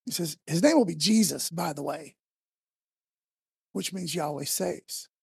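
Gravelly, husky-voiced man preaching a casual sermon. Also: a little high, measured pace, no room sound, studio quality. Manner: conversational, emphatic, voice rising to shouts when quoting Moses.

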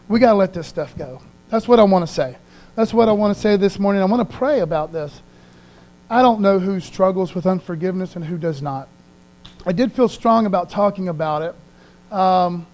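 A pastor delivering a sermon in a relaxed, conversational tone. His voice sits noticeably high for a man. He speaks earnestly and keeps asking his listeners to agree. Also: poor audio. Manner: informal and earnest, asks the congregation for agreement.

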